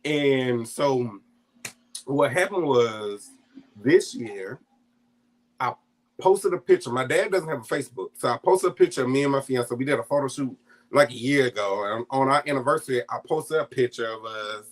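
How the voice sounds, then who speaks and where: A man shares a personal family story in a relaxed, conversational way, with a voice of ordinary pitch for a man. He laughs often between lines and slips into the voices of his family when he quotes them. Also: normal speed. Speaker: guest storyteller.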